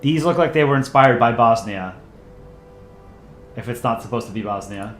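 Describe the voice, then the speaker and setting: Animated and medium in pitch, a man talks at a moderate pace over soft background music. He hosts the livestream and does voice acting for the channel, chatting loosely and joking about himself as he reads viewer messages. A roomy echo and faint ambience come through.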